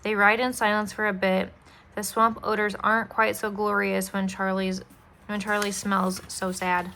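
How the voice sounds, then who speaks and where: A woman's voice: medium pitch, flat delivery, normal speed, vocal fry, sharp tone, slight background noise. A woman hosting a story-time channel, reading a children's chapter book aloud in a friendly way, with the occasional slip and apology.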